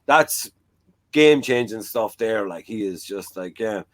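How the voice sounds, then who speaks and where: A man's voice: fairly low pitch, expressive, unhurried, fairly bright tone, no room sound. Man, talk host, loose rambling chat, dry sound. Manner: rambling, frank, fillers like "like" and "you know". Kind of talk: casual chat.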